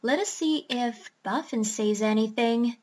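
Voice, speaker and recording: A woman voicing a kind, absent-minded male doctor in a storybook reading, speaking slowly in a gentle murmur. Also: fairly high pitch. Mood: mild.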